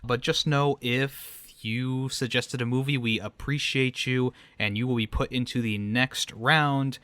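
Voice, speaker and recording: A man's voice: medium pitch, steady tone, a little slow, a bit bright, no room sound. A man hosting a casual movie podcast, chatting loosely and correcting himself as he goes. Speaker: podcast host.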